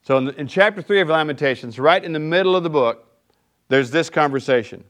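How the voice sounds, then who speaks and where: A man preaching a sermon in a relaxed, conversational way, often checking in with his listeners. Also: a little high, fairly quick. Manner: conversational, keeps asking "right?". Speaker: pastor.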